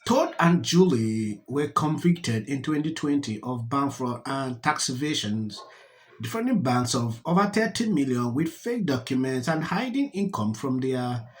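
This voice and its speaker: A narrator reading political commentary in a slow, deliberate way. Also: mid-range voice, big pitch swings.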